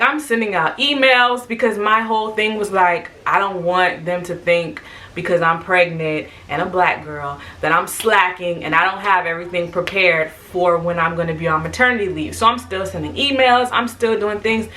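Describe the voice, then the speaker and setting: Bright-voiced young woman telling a story. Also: lowish voice, moderate pace, recorded from a distance, low-quality recording. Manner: animated, lively, quotes people in raised voices. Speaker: vlogger. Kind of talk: casual storytelling.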